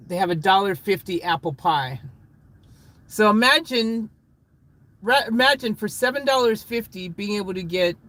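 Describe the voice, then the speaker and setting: Man, high-pitched, casual chatty vlogger talking to his viewers from a van, faint vehicle noise. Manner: chatty, laughs, excited bursts. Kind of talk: casual live vlog chat with viewers.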